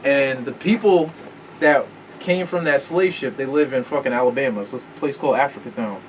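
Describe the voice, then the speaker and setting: A man's voice: mid-range voice, brisk. A man hosting a podcast in casual chat, rambling and profane, often stopping to search for words. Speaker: podcast host. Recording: distant mic with faint room noise.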